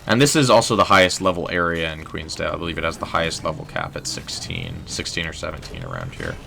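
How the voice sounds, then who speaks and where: A young man talks through his game in a deep, gravelly voice that still sounds bright and crisp. He chats loosely with viewers and pokes fun at himself, with the faint hum of typing behind him. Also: animated, fast talker. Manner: self-deprecating, joking, chatty with viewers. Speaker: livestreamer and writer. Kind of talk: casual gameplay commentary.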